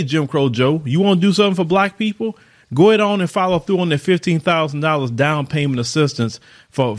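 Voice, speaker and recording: A man hosting a podcast, giving an emphatic opinion monologue with rhetorical questions and repeated words for stress, speaking. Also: high voice. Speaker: podcast host.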